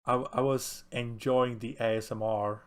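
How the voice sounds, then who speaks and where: A man co-hosting a casual film podcast, animated and quick to laugh, often acting out lines from the film. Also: mid-range voice, clear, resonant tone. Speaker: podcast co-host. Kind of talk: casual film discussion chat.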